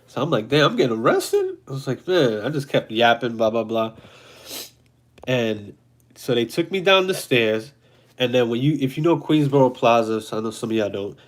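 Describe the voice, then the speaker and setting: A man's voice: medium pitch, moderate pace. Profane, blunt New man ranting. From New York City. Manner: blunt, profane, animated storytelling. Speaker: host. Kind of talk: casual storytelling monologue.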